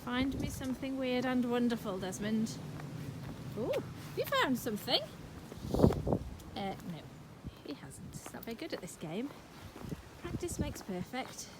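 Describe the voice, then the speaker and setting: A woman's voice: on the high side, big pitch swings, unhurried, long pauses, very noisy. A woman in midlife hosting a chatty walking vlog outdoors, playful and talking to her viewers and to animals along the way. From England. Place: outdoors on country lanes.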